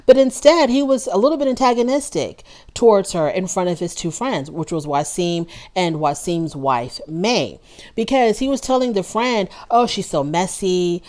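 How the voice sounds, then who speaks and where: A woman's voice: medium pitch, lively intonation, moderate pace, a little mellow. A woman giving a casual, opinionated recap of a reality show episode. She talks directly to the people on the show and often uses fillers and restarts. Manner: chatty with frequent ums and restarts. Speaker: reality TV reviewer.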